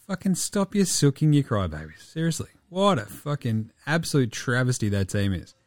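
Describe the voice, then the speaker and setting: A man's voice: medium pitch, moderate pace, no room sound, clean studio sound. Sweary Australian man ranting about sport. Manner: profane, animated, laughing. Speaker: podcast host. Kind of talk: sweary casual sports talk.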